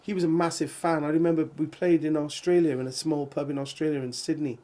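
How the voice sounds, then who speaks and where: A middle-aged man in a band, telling stories in a lively, laughing way during a casual interview. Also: fairly high pitch, fast. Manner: animated, laughing storyteller. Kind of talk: casual storytelling chat.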